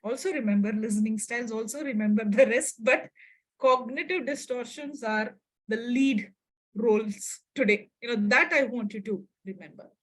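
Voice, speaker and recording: A woman's voice: a little high, normal speed, poor audio. A woman psychologist teaching an interactive online workshop, acting out short example dialogues and often checking in with her listeners. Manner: expressive, acts out example dialogues, checks in with audience.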